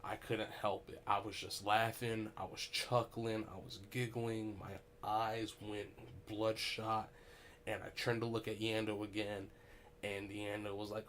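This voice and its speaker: A young man hosting a podcast who tells a story casually, animated and profane, with laughing asides. His voice sits fairly low, with a faint hiss of background noise. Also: moderate pace. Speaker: podcast host.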